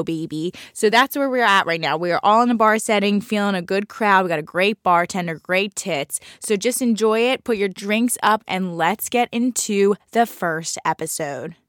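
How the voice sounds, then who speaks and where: A woman's voice: medium pitch, moderate pace, hardly any pauses, a bit bright, no room sound, clean studio sound. A young woman with a South Jersey accent hosting her own podcast, bubbly, brash and self-mocking, with lots of "like". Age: young adult. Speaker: podcast host and bartender. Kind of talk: casual solo podcast chat.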